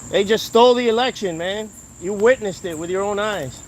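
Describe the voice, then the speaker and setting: Heated high-voiced man streaming a protest. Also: moderate pace, slight background noise. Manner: heated and confrontational, talking to viewers. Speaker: livestreamer at a protest. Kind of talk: live street protest stream.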